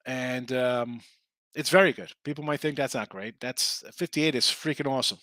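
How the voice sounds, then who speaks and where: Running a casual sports betting livestream, this host wanders through his picks and records, calls out viewers by name, and keeps restarting his sentences. He speaks at normal speed in a mid-range, slightly bright voice, recorded at studio quality with no room sound.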